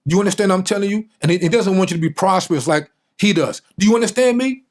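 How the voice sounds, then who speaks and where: A man's voice: high voice, racing, voice pushed up, lightly acted. A man voicing his stern father lecturing a young son about life. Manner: lecturing, demanding answers.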